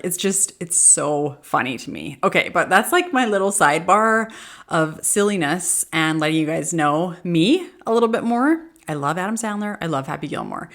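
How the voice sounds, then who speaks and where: A middle-aged woman hosting a podcast, talking casually and earnestly, animated and laughing easily. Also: medium pitch. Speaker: podcast host. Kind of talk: casual motivational podcast talk.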